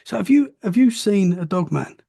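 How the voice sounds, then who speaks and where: A man hosts a casual podcast interview, with a husky voice pitched fairly high for a man. He keeps his replies brief and eager. The sound is dry and close. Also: animated, moderate pace, mellow, no echo. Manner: short enthusiastic affirmations. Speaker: podcast host.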